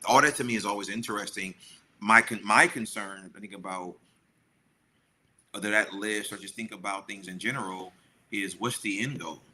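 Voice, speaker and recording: A man's voice: on the low side, normal speed, sharp tone. A middle-aged man co-hosting a podcast, telling a story in casual chat and acting out the people he quotes. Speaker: podcast co-host.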